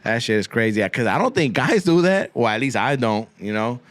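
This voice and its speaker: A man's voice: mid-range voice, sing-song, fairly quick, a little hiss or hum. A man hosting a podcast, rambling through a crude comic monologue full of swearing and Spanish slang, often repeating himself. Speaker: podcast host.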